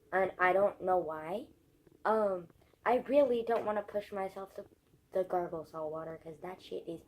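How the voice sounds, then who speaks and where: A young woman with a hoarse, croaky, scratchy voice, chatting casually to camera, rambling and swearing as she talks. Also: mid-range voice, darkish tone. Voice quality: scratchy rasp. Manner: rambling, swears often, heavy use of "like". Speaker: vlogger.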